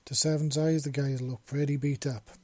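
A man reading fan fiction aloud in a plain, steady voice with small slips. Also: mid-range voice, moderate pace, dry recording. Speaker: narrator.

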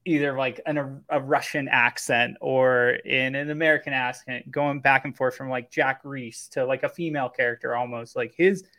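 A man's voice: mid-range voice, fairly bright tone. Man rambling with lots of "like". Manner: groping for words with many likes. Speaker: podcast co-host. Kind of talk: casual podcast chat.

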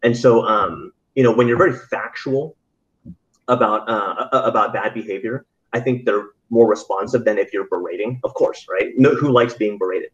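A man's voice: on the low side, normal speed. Rambling male teacher telling stories. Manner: rambling storyteller with frequent restarts and laughs. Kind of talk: casual podcast conversation. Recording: slightly dull, lo-fi audio.

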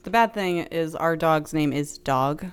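Teasing woman with a lowish voice. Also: a little slow, clean tone. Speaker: podcast panelist. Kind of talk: casual chat.

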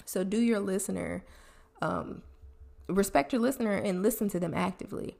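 A woman's voice: mid-range voice, normal speed, creaky, a little mellow. A woman hosting a solo podcast, talking casually and chattily as she gives communication tips and admits her own habits. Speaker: podcast host. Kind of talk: solo podcast advice talk.

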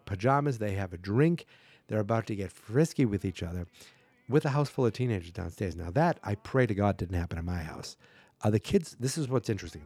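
A man's voice: lowish voice, a little mellow, dry recording. A man hosting a podcast, casually recapping a horror film scene by scene, joking and acting out characters' lines. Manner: chatty, jokey, acts out characters' lines. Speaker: podcast host.

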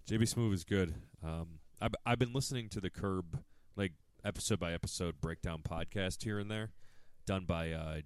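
A man with a very low voice talks loosely in a podcast chat. He rambles, swears and restarts himself often. The sound is dry and close, with no room around it. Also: no echo. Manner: rambling, profane, many fillers and restarts. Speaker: podcast co-host. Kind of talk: casual chat.

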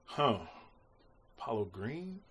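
Animated slangy man telling stories. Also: medium pitch, slow. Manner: animated, acts out quotes, swears freely, slangy. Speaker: music producer guest. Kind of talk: casual storytelling interview.

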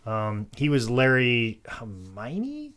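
A man's voice: medium pitch, wildly swooping pitch, slow, fairly bright tone. A man co-hosts a laid-back podcast in an everyday voice. He rambles, stops to fix his own facts and laughs now and then. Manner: rambling, self-correcting, laughs often. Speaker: podcast co-host. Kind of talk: casual wrestling history chat.

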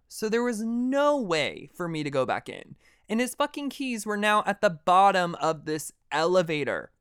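A young man hosting a podcast, telling a personal story in a dramatic, animated way and swearing freely. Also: sits high, clean tone, dry recording, clean studio sound. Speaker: podcast host. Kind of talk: casual storytelling monologue.

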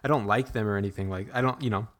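A man's voice: lowish voice, very fast. A man co-hosting a podcast, rambling in casual chat, restarting sentences often. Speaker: podcast co-host.

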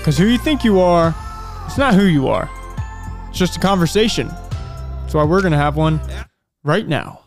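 A man hosting a daily faith-based podcast, speaking earnestly and reflectively, slowing down for emphasis. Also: on the high side, animated, soft background music. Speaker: podcast host. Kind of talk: faith-based motivational talk.

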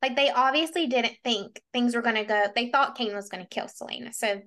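A woman's voice: a little high, brisk, sharp tone. A woman co-hosting a book podcast, talking casually and with strong opinions, often saying "like". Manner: opinionated, frequent "like" fillers. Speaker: podcast co-host.

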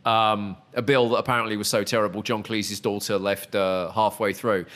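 A man's voice: lowish voice, level tone, normal speed, fairly bright tone. A man with an English accent hosting a podcast, chatting casually with fillers and wry asides. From England. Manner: chatty, self-deprecating, many fillers. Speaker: podcast host.

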